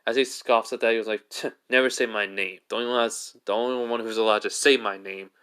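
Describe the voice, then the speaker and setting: A man's voice: medium pitch, steady tone, fast, a bit bright, clean tone. A man narrating a fan-made story off the cuff, rambling and restarting, with lots of filler words. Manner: rambling, full of "basically" and restarts.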